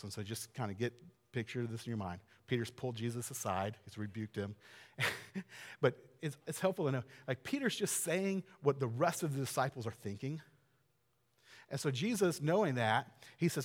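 A man's voice: medium pitch, moderate pace, long reverb tail. A man preaching a sermon in a casual, conversational way, often acting out the scenes he describes. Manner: conversational, animated, acts out scenes. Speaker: pastor.

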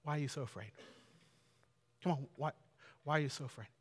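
A man voicing a calm male teacher who asks quiet, gentle questions. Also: a little high, brisk, husky, in a large hall.

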